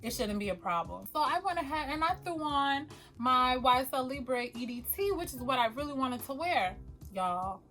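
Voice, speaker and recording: A woman talking casually to the camera as a perfume vlogger, animated and quick to laugh, often calling her viewers y'all. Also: high-pitched, poor audio.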